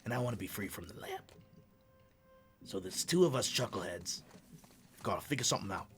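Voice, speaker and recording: A man voicing a gruff, wisecracking male genie in a tough-guy drawl. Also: medium pitch, very animated, fairly quick, a bit bright, soft background music. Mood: wheeling-dealing.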